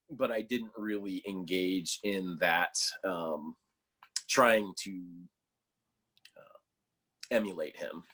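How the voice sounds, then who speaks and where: Casting: male podcast guest, lowish voice, easygoing rambler, sarcastic wit. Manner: sarcastic sense of humor; loose storytelling full of fillers. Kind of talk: casual podcast chat.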